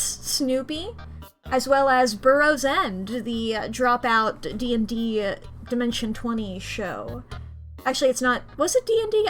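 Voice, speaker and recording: Woman streamer, casual chat. Higher-pitched, giggly, loose and rambling delivery over soft music. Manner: rambling, giggly, self-correcting.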